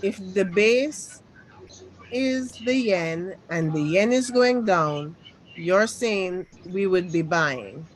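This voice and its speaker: Trading coach for a live lesson: slow and deliberate, insists on firm answers, keeps repeating questions. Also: mid-range voice, expressive, a little hiss or hum, rough recording. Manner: drilling, repeats questions until answered firmly. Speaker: trading teacher.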